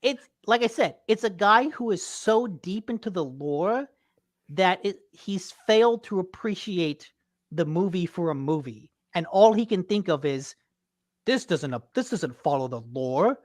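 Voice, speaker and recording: A woman co-hosting a casual podcast chat, ranting in an animated way and swearing freely. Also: medium pitch, a little slow, no room sound, clean studio sound. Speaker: podcast co-host.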